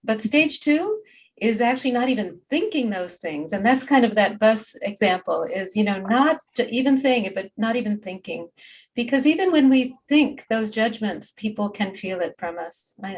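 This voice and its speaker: A woman's voice: medium pitch, lively intonation, normal speed, darkish tone, husky. A woman co-hosting a meditation session, speaking thoughtfully with many "you know" fillers. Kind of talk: casual chat.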